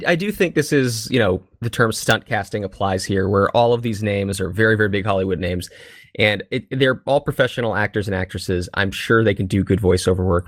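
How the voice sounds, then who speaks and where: A man's voice: fairly low pitch, dry recording, studio quality. Easygoing man presenting news headlines. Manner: easygoing, gives measured opinions. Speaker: podcast host. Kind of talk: casual chat, presenting headlines.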